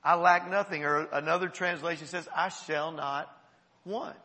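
A man's voice: fairly high pitch, fairly even intonation, moderate pace, sharp tone. An older man, a pastor, preaching a sermon in a conversational, candid way with laughs and asides. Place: church. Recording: long reverb of a church hall.

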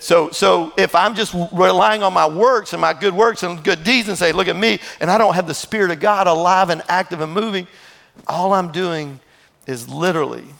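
Gravelly high-voiced preaching man. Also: long reverb tail. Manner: animated preaching with laughs and asides. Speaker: pastor. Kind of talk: sermon.

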